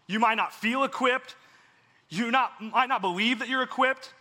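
A man's voice: sits high, animated, moderate pace, sharp tone. A man giving a casual, earnest sermon as a pastor, speaking in an easygoing way with many fillers. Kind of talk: conversational sermon. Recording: long hall reverb.

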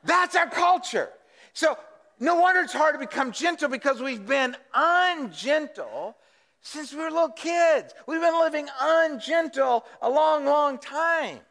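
A man's voice: very high voice, animated, unhurried, creaky, fairly bright tone, long reverb tail. A man preaching a sermon as pastor, talking conversationally and asking the congregation questions.

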